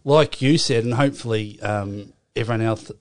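A man's voice: mid-range voice, moderate pace, darkish tone, no room sound, studio quality. An Australian man interviewing, asking long, rambling, supportive questions.

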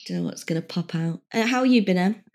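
A woman co-hosting a podcast in a relaxed, questioning chat. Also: fairly low pitch, fairly quick. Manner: relaxed, asks questions, backchannels. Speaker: podcast co-host. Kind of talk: casual chat.

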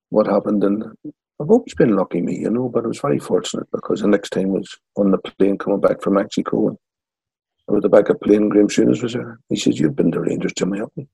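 Gravelly Northern Irish older man. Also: lowish voice, dry recording, low-quality recording. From Northern Ireland. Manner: lively yarn-spinner acting out quotes. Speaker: guest, former footballer. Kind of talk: anecdotal storytelling.

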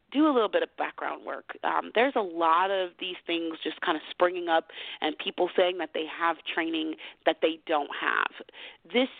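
A woman's voice: sits low, gravelly, dry recording. A woman guest on a phone-in radio talk show, explaining cuddle party facilitation in a chatty, friendly way with frequent laughs. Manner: warm, chatty, laughs often, repeats details slowly. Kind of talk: casual phone interview. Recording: tinny phone line, dry.

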